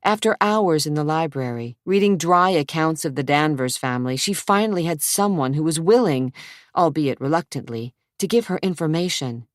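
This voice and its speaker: An audiobook narrator with a low female voice reads a thriller in scripted narration, animated and at a moderate pace. The recording is clean studio sound with no room echo.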